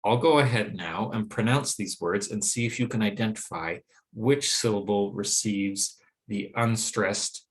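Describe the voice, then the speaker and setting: A man with a fairly low voice explains English pronunciation in a recorded lesson. He speaks clearly and deliberately, slowing right down to demonstrate each example word.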